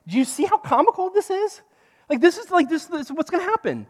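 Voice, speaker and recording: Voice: very high-pitched, lively intonation, fast. A preacher giving a conversational sermon in a church hall, often checking in with the listeners. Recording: long hall reverb.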